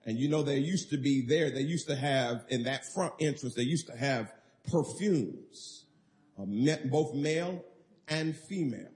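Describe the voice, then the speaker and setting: A man's voice: mid-range voice, unhurried, darkish tone. A man preaching a sermon as pastor, emphatic and calling for responses from the congregation.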